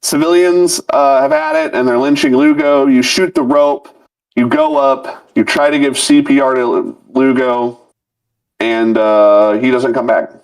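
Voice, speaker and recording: A man's voice: medium pitch, animated, unhurried, creaky, smooth. Man at a distance from the mic. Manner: rambling, swears casually. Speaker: podcast co-host. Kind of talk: casual chat about a video game.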